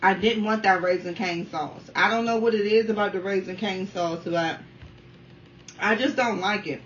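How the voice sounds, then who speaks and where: A woman in her thirties from the Washington, D.C. area, chatting casually while eating on camera at home and keeping up a steady stream of remarks to her viewers. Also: mid-range voice, moderate pace. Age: 30s. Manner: talkative, keeps addressing viewers as y'all. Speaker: mukbang vlogger. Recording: dull, slightly distant sound with faint room noise.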